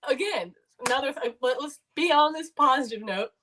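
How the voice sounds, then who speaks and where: A woman co-host of a sports betting show, pitched a touch high. She rambles and jokes at her own expense in loose, casual chat. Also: normal speed, a bit bright. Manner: joking, rambling, self-deprecating.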